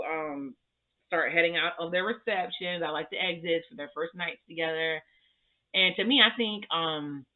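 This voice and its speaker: Male vlogger, higher-pitched and sassy, casual slangy recap delivery, phone-quality lo-fi audio. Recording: tinny phone-like sound.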